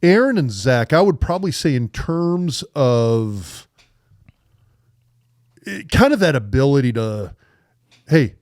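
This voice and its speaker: Give me a blunt male podcast co-host with a lively voice and a dry sound. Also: mid-range voice, a little slow, long pauses, no room sound. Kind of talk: casual chat.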